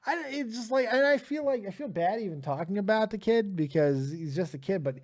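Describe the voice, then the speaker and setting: A man's voice: high-pitched, lively intonation, brisk, a little mellow. A young man hosting a live stream, tired and ranting profanely at his chat while taking callers.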